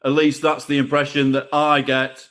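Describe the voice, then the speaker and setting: A man's voice: medium pitch, monotone, normal speed, fairly bright tone. A man, tipsy and slurring his words, performing spoken word poetry live, declaiming in rhythm and rambling between poems.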